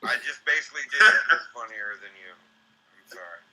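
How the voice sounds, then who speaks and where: A man's voice: mid-range voice, expressive, normal speed, a loud crowd, low-quality recording. A man who joins a live-stream chat late, teasing a friend in a dry way.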